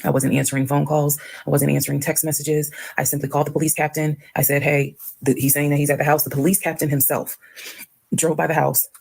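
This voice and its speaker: A woman telling a personal story in a frank, animated way, acting out the dialogue. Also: low-pitched, fast talker, creaky, slightly rough. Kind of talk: casual storytelling.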